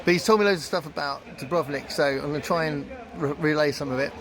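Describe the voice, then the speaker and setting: A man's voice: fairly high pitch, fast, crowd noise. A man vlogging while out sightseeing, chatty and rambling with many fillers, talking to a handheld camera. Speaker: travel vlogger. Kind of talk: casual vlog narration to camera. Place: outdoors, sightseeing on foot and by water. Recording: outdoor noise behind voice.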